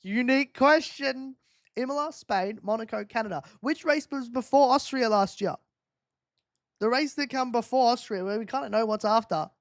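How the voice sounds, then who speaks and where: Goofy high mock german accent, streamer putting it on, dry sound. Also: male voice, moderate pace, no room sound. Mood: playful.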